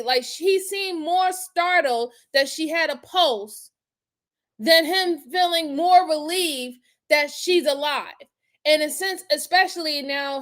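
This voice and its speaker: A woman's voice: high-pitched, fairly bright tone. A woman hosting a crime review, talking in a casual, slangy and blunt way. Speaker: host reviewing crime footage. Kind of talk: casual commentary.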